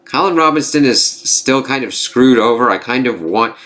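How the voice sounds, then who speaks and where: Guy with a bright forceful voice rambling thru a tv recap, swears a lot, lots of "kind of". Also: medium pitch, animated, normal speed. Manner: rambling, profane, heavy on filler phrases. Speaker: TV reviewer. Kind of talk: casual spoken episode recap.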